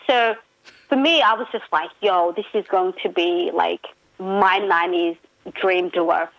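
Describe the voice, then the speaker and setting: Woman pop culture guest calling in, animated and rambling, lo-fi dry phone sound. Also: creaky, no echo. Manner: animated storyteller, many fillers, pitch jumps when excited. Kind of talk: casual radio chat.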